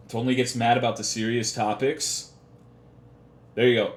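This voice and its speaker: A man's voice: mid-range voice, fairly even intonation, fast talker, very noisy. A young man livestreaming, chatting casually with his chat in profane, rambling, half-joking rants. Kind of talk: casual live-stream chat. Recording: echoey room.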